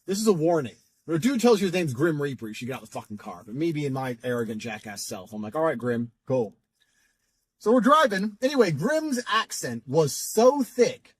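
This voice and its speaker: A man's voice: fairly high pitch, sing-song, a little fast, hardly any pauses, slightly rough, no echo. A man telling a story in a casual, profane and boastful way.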